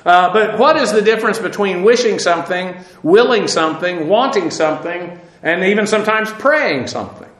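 A man's voice: high-pitched, lively intonation, normal speed, hardly any pauses, fairly bright tone, echoey room. A man teaching a Bible passage verse by verse, working through the Greek words in a loose, conversational way with frequent fillers and restarts.

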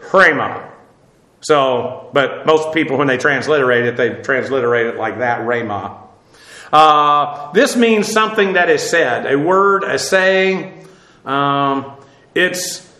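Guy teaching bible greek, chatty and rambly, bright slightly high voice, echoey room. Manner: conversational and digressive, with many fillers and restarts. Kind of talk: verse-by-verse Bible teaching with Greek word study.

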